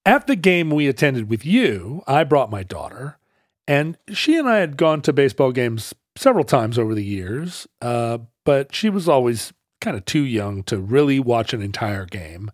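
Animated middle-aged man telling stories. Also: mid-range voice, moderate pace, dry recording, clean studio sound. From Seattle area. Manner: animated, acts out loud brash characters in his anecdotes. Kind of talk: casual storytelling chat.

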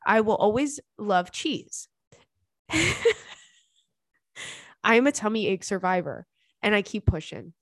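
A woman's voice: mid-range voice, no room sound. Young woman podcaster reading emails, sassy and giggly, dry close mic. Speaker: podcast host. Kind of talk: casual chat, reading listener emails.

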